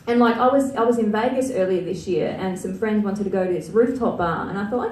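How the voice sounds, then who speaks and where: A woman's voice: medium pitch, brisk, few pauses, dark tone, distant mic, a little hiss or hum. A young Australian woman performing a stand-up set, crude and self-mocking, chatty with lots of filler words. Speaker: stand-up comedian. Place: comedy venue stage. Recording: roomy live venue sound from afar.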